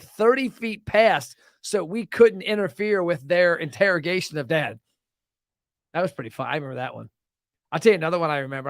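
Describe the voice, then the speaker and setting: A young man hosting a casual chat, telling funny travel stories in a joking, animated way. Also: fairly high pitch, no room sound, studio quality. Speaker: podcast host.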